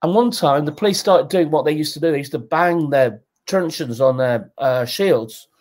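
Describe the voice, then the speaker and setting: A man in his sixties, a guest telling candid, animated stories in a conversational interview. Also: moderate pace. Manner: animated, jumps in pitch, acts out quotes.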